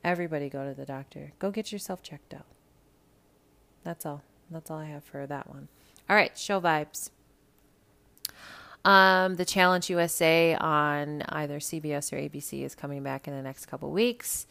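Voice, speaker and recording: A woman from the American Midwest hosting a podcast, chatting casually about pop culture with lots of swearing and sudden loud rants. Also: sits low, normal speed, vocal fry. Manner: profane, animated, swings to loud rants. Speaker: podcast host.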